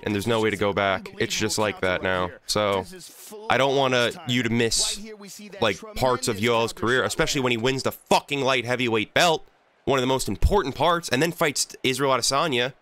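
A man's voice: medium pitch, a little fast, fairly bright tone. Angry, cursing man playing a fight game. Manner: exasperated, profane venting. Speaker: gaming channel host. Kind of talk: let's play commentary.

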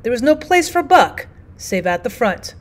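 A woman reads a classic novel aloud for students, her voice sitting slightly high. Her narration is steady and clear, carrying the story at an even storytelling pace. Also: normal speed. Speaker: teacher reading aloud. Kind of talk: audiobook narration.

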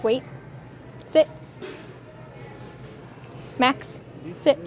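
A woman's voice: high-pitched, drawn-out words. A young woman vlogging with her service dog. She coos at him in a sing-song baby voice and gives him short commands. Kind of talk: casual vlog, giving dog commands. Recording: background noise.

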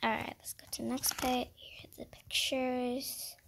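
A woman's voice: high-pitched, little pitch movement, unhurried, gravelly, a bit bright, whispered. A woman casually reading a picture book aloud, stumbling over words, correcting herself and adding chatty asides.

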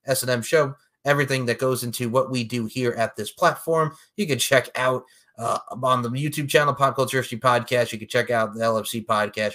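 A man co-hosting a podcast, rattling off show plugs in a quick promo cadence during a casual sign-off. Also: medium pitch, pushed and bright. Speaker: podcast co-host.

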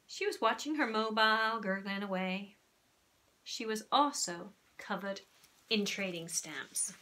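A young woman, a primary school teacher, reading a children's novel aloud expressively and pausing to explain things. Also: mid-range voice, sharp tone.

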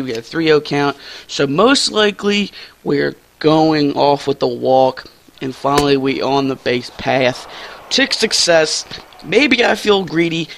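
Excitable young man with a gravelly voice. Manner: excitable, slangy, jumps to high squeals when thrilled. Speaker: gaming YouTuber. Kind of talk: casual gameplay commentary.

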